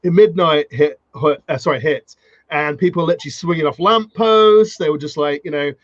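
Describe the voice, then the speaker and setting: A man's voice: on the high side, no echo, highs cut off. A man hosting a podcast, chatting casually and agreeing eagerly with his guest. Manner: enthusiastic, quick to agree. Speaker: podcast host. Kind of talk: casual interview chat.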